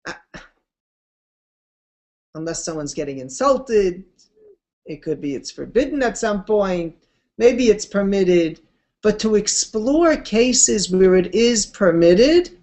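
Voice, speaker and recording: A woman giving a Torah class, telling stories in an unhurried, conversational way with expressive swings of pitch and casual asides. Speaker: Torah teacher. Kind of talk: Torah class lecture with storytelling.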